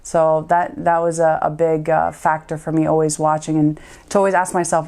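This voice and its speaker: A woman's voice: low-pitched, little pitch movement, moderate pace, warm tone. A woman in her thirties, a community lawyer, giving an earnest, heartfelt tribute in a recorded interview, with frequent "um" and "uh" fillers.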